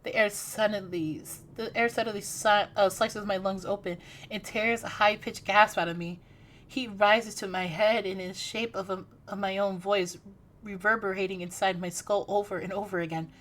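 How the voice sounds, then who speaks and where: A woman streamer reading a game's story aloud, animated and breaking off with startled exclamations. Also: medium pitch, normal speed.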